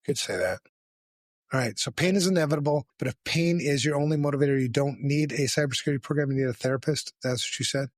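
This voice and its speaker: A man's voice: mid-range voice, fast, no room sound. A man co-hosting a casual podcast, joking around and swearing freely. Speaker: podcast co-host.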